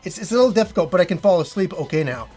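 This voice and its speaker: A middle-aged man with a fairly high voice speaks casually to his viewers, short of breath and stumbling through restarts and fillers. Faint music plays behind him. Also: expressive, darkish tone. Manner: halting, with frequent restarts and fillers. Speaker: gaming channel host. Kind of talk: casual personal talk to viewers.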